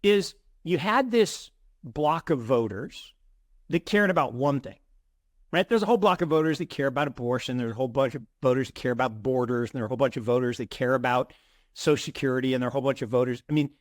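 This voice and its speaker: A middle-aged man co-hosting an investing show, chatting in an animated way with many restarts and repeated words. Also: medium pitch, fast talker, no room sound, clean studio sound. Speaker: co-host of a crypto investing show. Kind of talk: casual conversational commentary.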